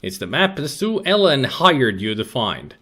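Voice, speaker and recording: A man commentating a retro adventure game, with an animated pitch that jumps around as he jokes. He reads the on-screen text aloud and throws in dry, sarcastic asides. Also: measured pace. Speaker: let's play commentator.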